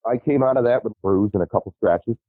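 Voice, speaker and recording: A middle-aged man telling wild stories as a podcast guest, animated and profane, laughing as he goes. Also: on the low side, quick pace, dry recording. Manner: lively, profane, laughs through his stories. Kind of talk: animated storytelling. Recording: tinny phone-like line.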